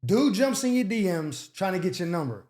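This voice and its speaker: A man's voice: high voice, sing-song, moderate pace, a little mellow. A man hosting an advice show, giving blunt, slangy, mocking commentary. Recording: roomy echo.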